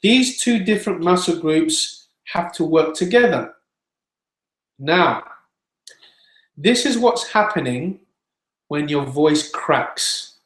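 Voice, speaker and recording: Guy teaching singing online, shows sounds with his voice, talks slow, roomy echo. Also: fairly high pitch, animated, fairly bright tone. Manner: plain, direct explaining. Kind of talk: webinar teaching.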